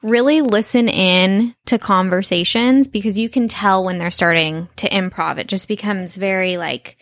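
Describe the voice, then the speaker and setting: A woman's voice: mid-range voice, normal speed, dry recording. Chatty enthusiastic woman podcast host. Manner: enthusiastic, chatty, many fillers. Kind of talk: casual chat.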